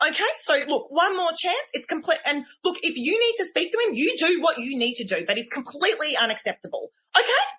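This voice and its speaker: A stern, huffy female swim teacher scolds in a curt, officious tone, her voice pushed noticeably higher as a woman mimics her. She sounds strict and bossy. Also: big pitch swings, brisk, few pauses, sharp tone, heavily acted. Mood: scolding.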